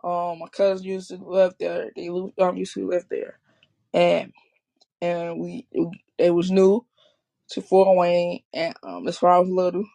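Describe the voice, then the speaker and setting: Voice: mid-range voice, flat delivery, measured pace, creaky, warm tone. A speaker from Chicago with a Chicago accent, talking in a rambling, repetitive casual monologue. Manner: rambling, repeats and restarts often. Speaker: vlogger.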